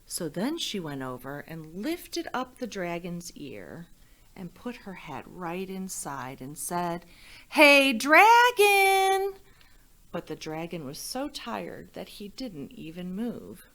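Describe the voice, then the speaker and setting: Slow, expressive woman reading a children's story. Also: lowish voice. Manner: gentle, expressive, addressing children.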